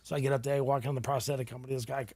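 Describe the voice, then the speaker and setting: A middle-aged man from New England, telling his story in a casual interview, animated and swearing freely. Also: medium pitch, rapid-fire, no room sound.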